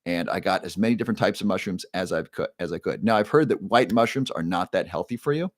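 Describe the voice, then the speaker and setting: A man's voice: low voice, fast, no echo, studio quality. Upbeat man hosting a live stream. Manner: upbeat, greets viewers by name, repeats himself and restarts. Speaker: neuroscientist hosting a livestream. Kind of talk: casual live-stream talk.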